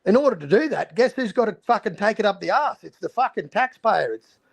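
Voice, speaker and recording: Brief: Australian man, high and gravelly voice, ranting and swearing. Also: lively intonation, brisk, no echo. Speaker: stream host. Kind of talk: casual chat.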